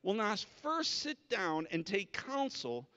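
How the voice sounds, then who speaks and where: A man's voice: high-pitched, sing-song, slow pace, pushed and bright, long reverb tail, muffled recording. A male pastor delivering a conversational sermon, often restarting and repeating words as he talks. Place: church sanctuary.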